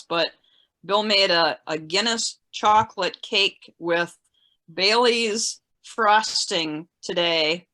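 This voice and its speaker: A woman's voice: on the low side, pushed and bright. A woman chatting eagerly in a casual group call. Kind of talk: casual group video chat.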